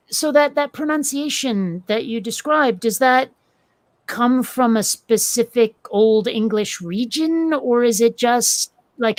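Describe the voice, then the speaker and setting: A woman's voice: on the high side, no room sound. A woman in her forties hosting a casual chat, blunt and curious, asking pointed questions. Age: 40s.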